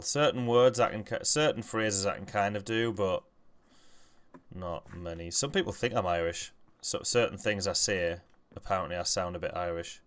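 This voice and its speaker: A man's voice: low voice, fairly bright tone, clean tone. A man giving casual commentary while he plays a game, often muttering to himself and rambling into stories. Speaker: gaming channel host.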